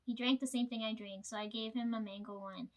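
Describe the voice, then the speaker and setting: Late-20s woman rambling thru a work story, kinda high voice, keeps getting sidetracked n swearing. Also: fairly even intonation, fairly quick, lo-fi sound. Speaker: vlogger. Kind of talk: casual storytime chat.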